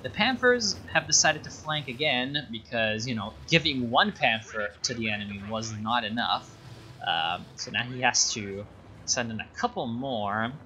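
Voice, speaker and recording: A man's voice: medium pitch, expressive, normal speed, bright, forceful tone, a little hiss or hum. Sarcastic man casting a strategy game. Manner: sarcastic, rambling with fillers. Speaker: game caster. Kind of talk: casual game commentary.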